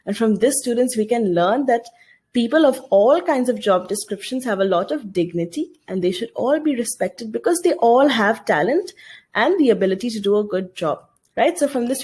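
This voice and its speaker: Woman, teacher, recorded video lesson, husky tone, explains and asks students questions. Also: mid-range voice, a little mellow.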